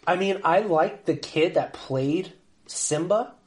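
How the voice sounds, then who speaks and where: A man's voice: sits high, takes it slowly. A man co-hosting a podcast in casual chat, often cutting in and restarting as he searches for names. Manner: talks over others, restarts and blanks on names. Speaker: podcast co-host.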